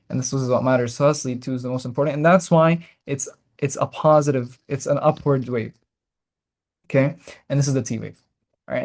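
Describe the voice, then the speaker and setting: A man's voice: mid-range voice, a little mellow. Young guy teaching a med lecture, keeps saying right?, repeats stuff while drawing. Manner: repetitive, checks in with "right?", restarts phrases. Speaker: medical lecturer.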